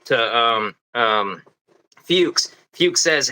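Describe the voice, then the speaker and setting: A man co-hosting a casual podcast, arguing a theory with quick bursts and frequent restarts. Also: a little high, animated, sharp tone, rough recording. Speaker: podcast co-host.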